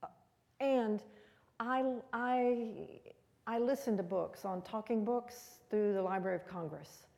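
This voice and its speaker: A woman's voice: medium pitch, slow, creaky, darkish tone, big-room sound. A woman giving a conversational, rambling history talk as a guest speaker in a museum room.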